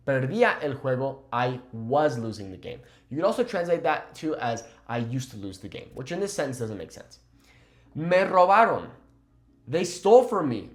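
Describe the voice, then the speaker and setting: A man in his twenties teaching a language lesson, explaining phrases in a lively way. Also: mid-range voice. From California. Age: 20s. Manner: lively explaining, switches between English and Spanish. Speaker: Spanish teacher.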